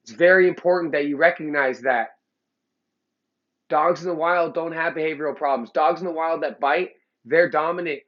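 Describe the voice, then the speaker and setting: This is a dog trainer in Los Angeles giving a blunt, profane, fired-up talk to camera. The lo-fi clip captures a fairly high voice moving at a moderate pace.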